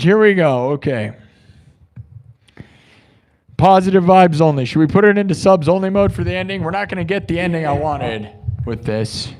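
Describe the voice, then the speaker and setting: A young man hosting a live music stream, ranting and mocking his chat, swinging between shouting and muttering. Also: a little high.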